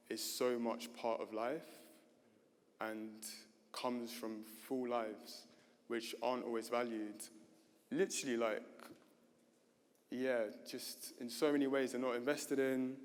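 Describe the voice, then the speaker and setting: A man speaking at a panel event, unscripted and hesitant, with many fillers and restarts. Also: medium pitch. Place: gallery event stage. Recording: reverberant hall.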